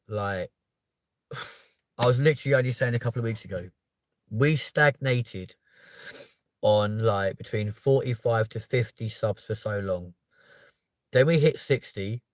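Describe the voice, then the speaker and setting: A man hosting his channel's live stream, emotional and close to tears, talking to viewers in a halting way with heavy sighs. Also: lowish voice, no room sound. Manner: sighing, halting, overwhelmed. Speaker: channel host.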